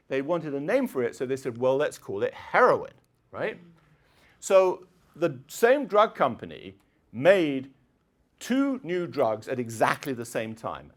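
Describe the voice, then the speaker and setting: A middle-aged man giving a chatty public lecture, often clearing his throat and filling pauses with um and uh. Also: on the high side. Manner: chatty, digressive, frequent throat clearing and fillers. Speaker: university lecturer. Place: lecture hall.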